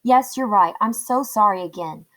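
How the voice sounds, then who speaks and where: A woman's voice: medium pitch, moderate pace, natural voice. A woman reading aloud, voicing a nervous, apologetic male restaurant owner who is eager to please.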